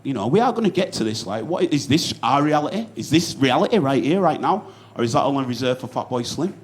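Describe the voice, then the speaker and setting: A man's voice: mid-range voice, sing-song, fast talker. A young man with a Yorkshire accent doing a stand-up comedy set on stage, swearing freely and rambling through anecdotes full of asides. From Yorkshire, England.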